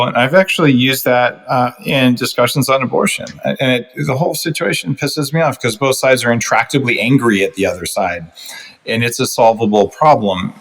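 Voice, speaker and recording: A man's voice: mid-range voice, a bit bright. A male podcast host with a mid-range voice. He talks directly and bluntly and steps in firmly to reframe what his guest has said. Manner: direct, blunt, cuts in to correct. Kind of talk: interview conversation.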